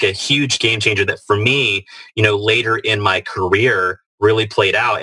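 A man tells a story as a podcast guest, earnest and halting. His voice sits low but bright, with a husky edge. The sound is dry and close. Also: no echo, low-quality recording. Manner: earnest, many fillers and restarts. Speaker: guest, author.

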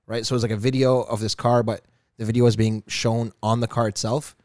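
A man's voice: mid-range voice, level tone, fairly quick, a little mellow, no echo, clean studio sound. A man co-hosting a podcast, telling stories in an easygoing, somewhat hesitant way with fillers. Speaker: podcast co-host. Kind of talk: casual chat.

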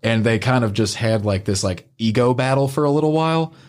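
Young male podcast host, mid-pitch, rambling profane storyteller, casual and loose. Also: animated, fairly quick. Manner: rambling, profane, lots of filler likes.

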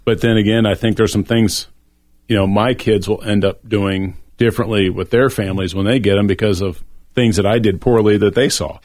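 A man's voice: on the low side, steady tone, fairly quick, a little mellow, no echo. A middle-aged man talking earnestly and reflectively on a faith-based discussion show.

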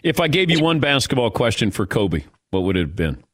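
A man hosting a sports talk radio show, introducing his guest and asking him questions in a brisk, conversational way. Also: mid-range voice, big pitch swings, a bit bright, no echo, studio quality.

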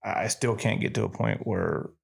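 A man with a low, gravelly voice hosts a relaxed interview podcast. He speaks earnestly, often restarting and repeating words as he searches for what to say. The talk is unscripted and conversational. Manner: earnest, halting, repeats words as he gathers thoughts. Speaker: podcast host. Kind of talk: casual interview chat.

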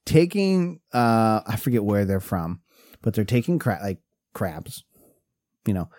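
In a fairly low, darkish voice, a man from Pennsylvania co-hosts a podcast, speaking expressively and without hurry. His casual talk rambles with frequent restarts and laughter during stories, and the audio is clean studio sound with no room echo.

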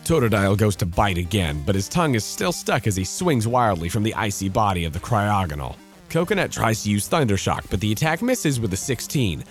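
A man giving scripted narration of a tabletop role-playing battle, lively and reading out dice rolls. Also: lowish voice.

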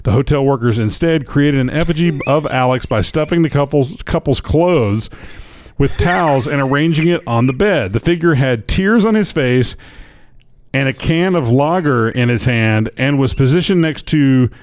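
A man's voice: medium pitch, normal speed, a little mellow. A man co-hosting a podcast, chatting casually and reading news aloud with wry jokes. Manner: joking, wry. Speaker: podcast co-host.

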